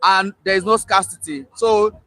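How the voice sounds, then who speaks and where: A man's voice: high-pitched, moderate pace, sharp tone, no room sound. A Nigerian man interviewing people on the street, asking probing, provocative questions.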